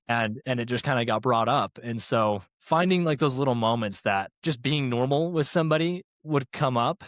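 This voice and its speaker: Animated man telling stories, dry close mic. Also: medium pitch, no room sound. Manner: animated, acts out quoted dialogue, many fillers like "like" and "right?". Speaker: guest, former restaurant training director. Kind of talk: casual conversational storytelling.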